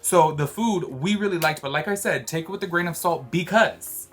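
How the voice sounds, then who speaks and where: A man's voice: fairly high pitch, moderate pace, fairly bright tone, faint music behind. A man from Georgia, chatting loosely about a cruise in a travel vlog, full of fillers and asides. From Georgia, USA. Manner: chatty and rambling, many fillers. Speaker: vlogger. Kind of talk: casual travel vlog chat. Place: cruise ship cabin.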